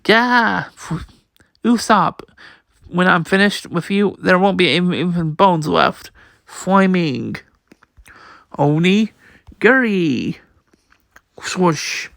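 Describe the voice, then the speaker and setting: A man's voice: high voice, slow pace, vocal fry, long pauses, fairly bright tone, no echo, clean studio sound. A man reading a manga aloud, voicing every part and the sound effects, often stumbling and repeating words. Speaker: comic reader.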